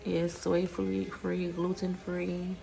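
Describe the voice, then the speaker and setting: A woman's voice: fairly low pitch, completely flat delivery, slow, vocal fry, dark tone, soft background music. A woman vlogging in a rambling, casual way, stopping and restarting her sentences and getting heated when she rants. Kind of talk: casual vlog chat. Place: outdoors then home.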